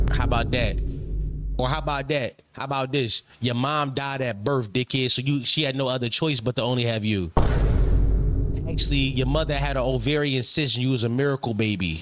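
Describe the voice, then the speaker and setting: A young man hosting a casual reaction stream, ranting in a profane, repetitive way. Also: medium pitch.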